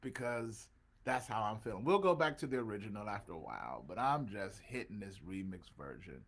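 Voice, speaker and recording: A pastor hosts an online show, chatting casually with his congregation and greeting viewers by name, his speech rising in preacher-like swells. His voice sits on the low side, very animated and a little fast, with a breathy edge.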